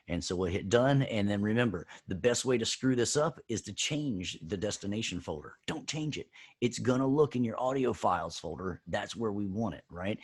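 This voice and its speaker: A man teaching an audio software class, upbeat and jokey, walking students through steps and checking in with "right?". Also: on the low side, breathy edge.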